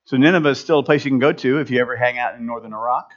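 A man's voice: mid-range voice, very fast. A man preaching a casual, humorous sermon, often restarting his phrases. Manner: animated, humorous, self-interrupting. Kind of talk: conversational sermon. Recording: dull lo-fi recording.

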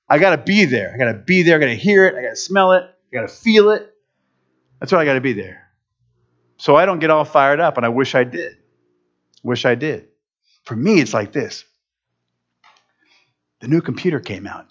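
A male pastor preaching in a lively way, his pitch swinging widely as he leaps into high, excited voices for the people he quotes. His voice sits a little high for a man. The recording sounds dull and lo-fi. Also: normal speed, pauses often. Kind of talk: sermon.

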